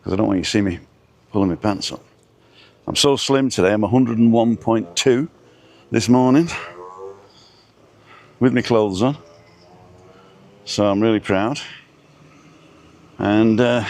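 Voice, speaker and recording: A middle-aged man hosting a casual live stream outdoors. He rambles and reads out viewers' names with small asides. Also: fairly low pitch. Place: outdoors with a view over hotels. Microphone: camera set down in front of him.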